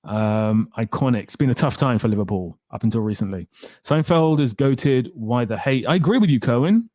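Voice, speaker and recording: A man's voice: medium pitch, moderate pace, mellow, dry recording, clean studio sound. A young man chatting casually on a live stream, reading out and reacting to viewers' comments with wry humor.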